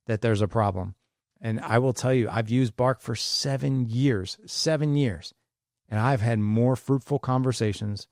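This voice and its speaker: A man's voice: lowish voice, a little mellow, no room sound, clean studio sound. A man in his fifties hosting a solo podcast, speaking with urgency and passion and repeating key points for emphasis. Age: 50s. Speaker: podcast host.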